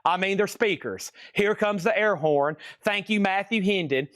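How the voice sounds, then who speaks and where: In a clean, dry studio recording, a man with a high-pitched, fairly bright voice hosts a live online record sale. He's jokey, quickly rattling off grades and prices and bantering with viewers between lots.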